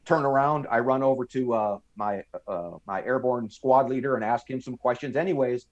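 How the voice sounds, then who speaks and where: At a normal pace and medium pitch, a man from the United States in his fifties spins an army story as a podcast guest, voicing the other characters himself. It's lively storytelling in a relaxed interview, with the highs cut off.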